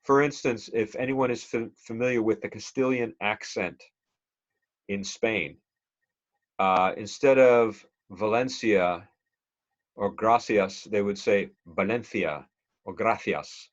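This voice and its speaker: A man's voice: lowish voice, fairly even intonation, a little slow, dull audio. A male instructor giving a conversational, digressive classroom lecture and quizzing the class with questions.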